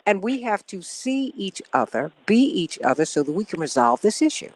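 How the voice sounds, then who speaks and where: A woman's voice: medium pitch, very animated, normal speed, poor audio. Impassioned woman radio talk host. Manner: impassioned, preacherly cadence.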